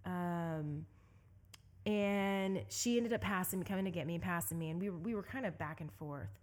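A young woman from Southeast Texas telling a story as an interview guest, animated and laughing often. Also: on the low side, normal speed. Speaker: guest, endurance bike racer.

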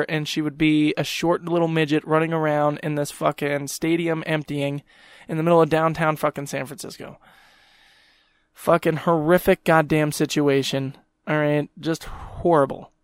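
A man's voice: fairly high pitch, level tone, moderate pace, smooth, dry recording, studio quality. Swearing, exasperated man ranting on his podcast. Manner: exasperated, swears constantly, mocks people in quoted voices. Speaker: podcast host. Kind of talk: profane ranting monologue.

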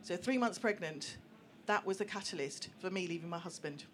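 A woman telling a personal story to a live audience, lively and acting out voices of other people. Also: fairly low pitch, a little fast, slight background noise. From England. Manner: animated, acts out voices, laughs through the telling. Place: small venue room with an audience.

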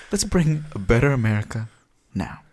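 A man's voice: slightly rough, exaggerated voice. A man playing a smug, scheming male supervillain politician in a mock campaign ad, as Lex Luthor. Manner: mock campaign-ad pitch, boastful.

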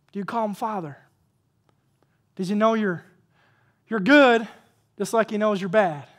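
A pastor preaching a sermon, repeating key phrases for emphasis and asking the congregation questions. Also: mid-range voice. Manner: asks the congregation questions, calls for amen.

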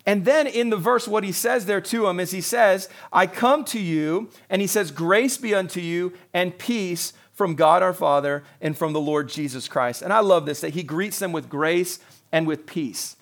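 A man's voice: sits high, normal speed. A man preaching a sermon, earnest and conversational, quoting scripture and acting out voices with small laughs. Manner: earnest, quotes scripture in character, chuckles often.

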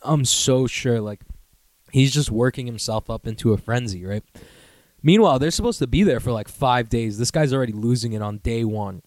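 A man's voice: medium pitch, a little fast, darkish tone, no echo. A young man from the New York area hosting a podcast, telling a rambling, profane story in casual chat and laughing as he goes. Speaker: podcast host.

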